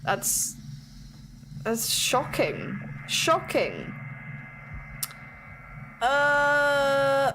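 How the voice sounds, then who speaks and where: A British woman streaming a casual chat, talkative and quick to laugh at herself. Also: sits high, very animated, noisy background. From Britain. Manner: chatty, giggly, self-mocking. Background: faint music playing.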